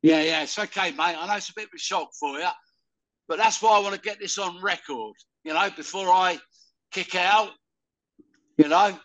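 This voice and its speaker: An older man from the UK, talking loudly and rambling in a casual interview. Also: sits high, normal speed, low-quality recording. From United Kingdom. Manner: loud, rambling, calls the listener "mate". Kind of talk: casual conversation.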